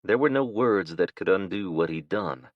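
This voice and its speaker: A man reads an audiobook in a steady, measured voice. His voice is very low. The recording is dry and close, with a slightly dull, lo-fi tone. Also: dry recording. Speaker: audiobook narrator. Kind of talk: scripted narration.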